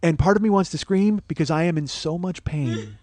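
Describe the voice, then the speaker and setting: A man hosting a podcast, telling a comic personal story in a profane, animated, self-mocking way. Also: fairly high pitch, a little fast, slight background noise. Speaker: podcast host. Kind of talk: comedic storytelling monologue.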